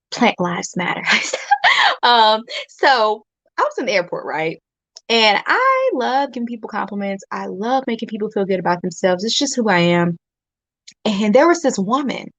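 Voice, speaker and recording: Lively woman podcast host, dry sound. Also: medium pitch, measured pace, no room sound. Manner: animated storytelling with exclamations and laughs. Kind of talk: casual motivational monologue.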